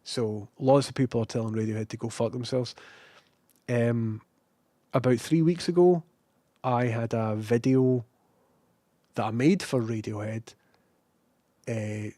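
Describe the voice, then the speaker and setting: With a measured pace and frequent pauses, this young adult Scottish man chats through a casual stream, responding to viewers' messages and swearing at himself with animated self-mockery. He speaks at a typical male pitch, captured close and dry with no room sound.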